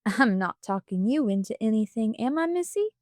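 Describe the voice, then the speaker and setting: A woman's voice: fairly high pitch, lively intonation, slow pace, darkish tone, no echo, studio quality. A woman voicing a young male hobo, a braggart who drawls, mocks and wheedles. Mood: wheedling.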